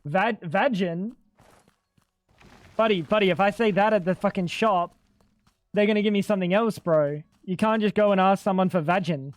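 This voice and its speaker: A man's voice: high-pitched, a little fast, dry recording. A young man livestreaming a game, bantering with his chat in a joking, profane way. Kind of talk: casual gaming livestream chat.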